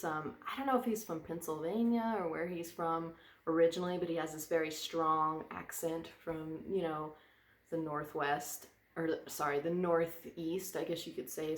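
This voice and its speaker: A woman's voice: low-pitched, reverberant. A woman vlogger chatting casually, rambling and drifting onto tangents. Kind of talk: casual chat. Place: indoor room by a fireplace.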